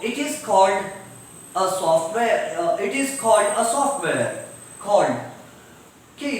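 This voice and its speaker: A man's voice: high-pitched, a little hiss or hum. A man giving a classroom pronunciation lecture, patiently repeating and spelling out words. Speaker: English teacher. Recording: very echoey room, mic far off.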